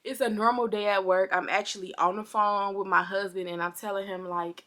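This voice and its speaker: Young woman vlogging a storytime, bright sharp voice, talks right at the viewers, kinda parched and under the weather. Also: mid-range voice, fairly quick. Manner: animated, chatty, talks straight to viewers. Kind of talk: casual storytime vlog.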